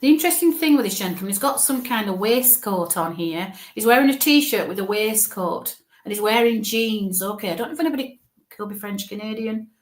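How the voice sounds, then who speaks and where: Halting woman in a roomy space. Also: medium pitch, animated. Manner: halting, thinks aloud with frequent restarts. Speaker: psychic medium. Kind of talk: live mediumship reading.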